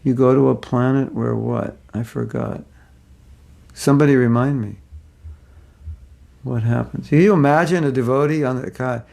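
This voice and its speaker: A man's voice: mid-range voice, moderate pace, creaky, a little mellow. A man teaching an informal spiritual class, answering questions in a playful, joking way that often trails off and restarts.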